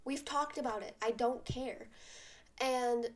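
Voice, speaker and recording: A teenage girl venting through a storytime vlog, her voice sitting a little high. She talks in an animated rush, packed with fillers. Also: takes it slowly, slight background noise. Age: teens. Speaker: vlogger.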